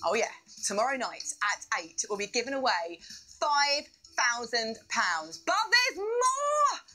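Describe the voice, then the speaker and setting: A woman's voice: on the high side, expressive, measured pace, sharp tone, soft background music, rough recording. A woman hosting a live quiz show, bubbly, with playful asides.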